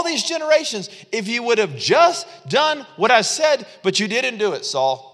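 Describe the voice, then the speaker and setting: A man preaching a sermon as pastor, animated and acting out quotes with frequent chuckles. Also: very high-pitched, normal speed. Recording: long hall reverb.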